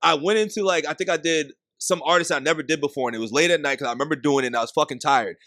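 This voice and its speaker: Brief: man with a Boston accent hosting a podcast, high voice, loose and laughing. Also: rapid-fire, dry recording, clean studio sound. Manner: laughs often, slangy and animated. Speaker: podcast host. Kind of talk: casual chat.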